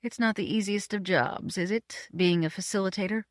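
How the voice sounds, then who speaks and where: A woman's voice: medium pitch, normal speed, no echo, clean studio sound, natural voice. A woman voicing a refined, cheerful man who speaks in a genteel, admiring way.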